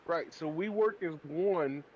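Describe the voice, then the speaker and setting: A man's voice: fairly high pitch, a little slow, highs cut off. A young man playing a tabletop game, talking in a sarcastic, joking, profane way. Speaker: player. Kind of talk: casual tabletop play.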